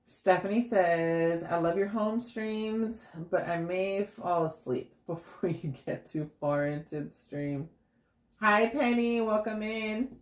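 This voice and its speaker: Making treats in her kitchen, this livestream host chats casually with her viewers at home, laughing often. Her voice has a medium pitch and a slow pace, and her talk is giggly, packed with fillers and quoted asides.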